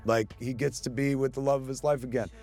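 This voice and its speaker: A man gives a loose, casual commentary over his own film. He talks with excited energy, swears freely and stumbles into restarts. His voice sits at an ordinary pitch, with faint film music playing underneath. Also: quick pace. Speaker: filmmaker giving audio commentary.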